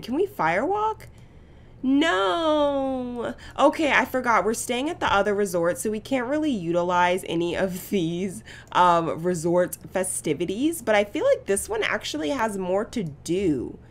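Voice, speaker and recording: A woman giving casual gameplay commentary as a channel host, chatty and gushing with excitement. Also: medium pitch. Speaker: gaming YouTuber.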